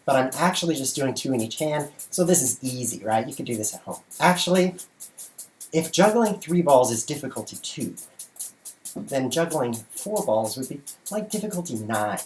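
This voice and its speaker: A man chatting on a casual livestream from his bedroom, his voice at an ordinary middle pitch. He jokes and describes each step as he goes. A faint hiss sits behind him on the webcam mic. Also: expressive, normal speed, darkish tone. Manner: playful and jokey, narrating while he juggles. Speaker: chess streamer and show host. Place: bedroom at home.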